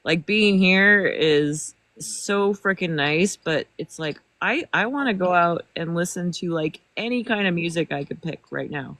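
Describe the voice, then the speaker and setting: A woman's voice: lowish voice, measured pace, hardly any pauses, a bit bright, no room sound. A woman from California chatting casually as a guest on a livestream, talkative and laughing often. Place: small mountain town, indoors.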